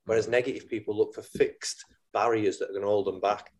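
A man's voice: lowish voice, steady tone, a little fast, darkish tone. Middle-aged British man, motivational guest. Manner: positive, earnest, motivational. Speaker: mindset coach, guest. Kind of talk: casual interview chat.

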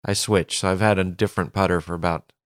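A man co-hosting a podcast as a caddie, telling stories in an animated way and laughing often. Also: low voice, fast talker, no room sound, studio quality. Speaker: golf caddie, podcast co-host. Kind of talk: casual chat.

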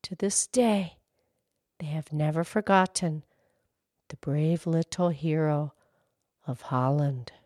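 A woman reading a children's story aloud in an expressive, gently dramatic way. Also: low voice, slow, pauses often, dry recording, studio quality.

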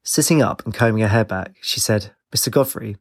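A man reading a story aloud as narrator, in a measured, even delivery. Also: on the low side, no room sound, clean studio sound. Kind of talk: audiobook narration.

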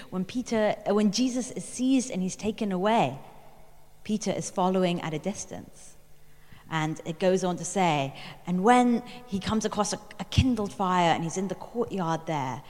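A woman's voice: mid-range voice, a little mellow. Woman preaching in a reverberant hall. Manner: reflective storytelling with pauses and fillers. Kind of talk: sermon.

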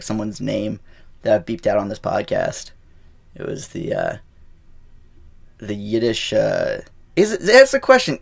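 A man hosting his podcast alone in casual, rambling talk full of fillers and deadpan irony, recorded in a small booth at an airport. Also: on the low side, creaky. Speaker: podcast host. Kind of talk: casual solo podcast monologue.

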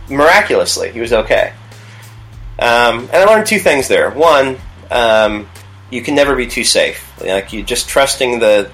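A man who works as a youth pastor, telling a personal story in a casual, halting way with many restarts. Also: mid-range voice, fairly bright tone, low-quality recording. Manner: halting, with frequent restarts and fillers.

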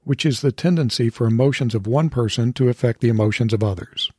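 A man hosting a podcast, telling a story in a calm, measured way. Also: mid-range voice. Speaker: podcast host. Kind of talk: podcast monologue.

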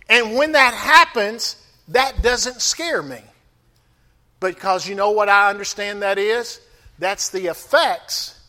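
High, bright-voiced man preaching. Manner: preaching with call-and-response to the congregation. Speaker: pastor. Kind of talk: sermon.

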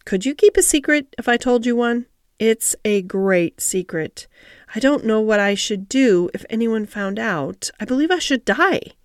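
A woman's voice: a little high, animated, unhurried, no room sound, studio quality. A woman voicing a shy, eager little girl who speaks hesitantly and with intensity. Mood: secretive.

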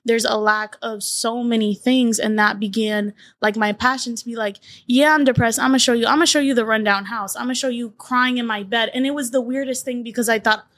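A young woman from Latin America, a wellness coach, telling her story on a podcast in a candid, animated way, acting out quotes. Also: fairly high pitch, fairly quick, hardly any pauses, dry recording. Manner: animated, acts out quotes in lively voices.

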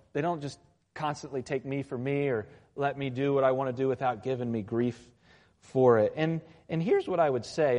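Conversational pastor preaching in a reverberant hall. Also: male voice, mid-range voice, a little mellow. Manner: conversational, with frequent tag questions. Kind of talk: sermon.

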